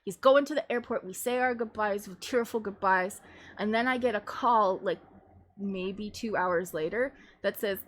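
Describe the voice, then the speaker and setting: A young woman hosts a casual livestream chat. She rambles from one thought to the next in an animated way and laughs often. Her voice sits at a middle pitch. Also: measured pace. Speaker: livestream host.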